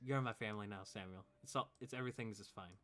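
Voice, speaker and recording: A man voicing a worried townswoman in a tabletop game, stammering and breaking into a higher voice. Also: fast, pushed and bright. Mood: earnest. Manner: flustered, stammering. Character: worried middle-aged human woman, townsfolk wife.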